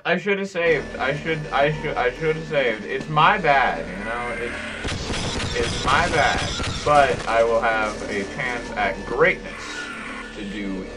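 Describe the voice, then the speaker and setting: A man's voice: mid-range voice, lively intonation, slow, recorded from a distance, loud music behind the voice. A man joking to himself and yelping now and then as he plays through a video game. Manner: joking, talks to himself while playing, sudden yelps. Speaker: gameplay streamer. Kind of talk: casual gameplay commentary.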